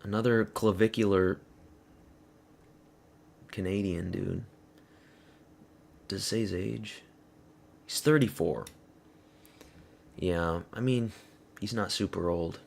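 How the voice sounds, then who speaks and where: A man's voice: low-pitched, slow, vocal fry, long pauses, darkish tone, a little hiss or hum. A man streaming a fight watch party, chatting casually and answering viewers while calling the action, with plenty of swearing. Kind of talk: casual live fight commentary.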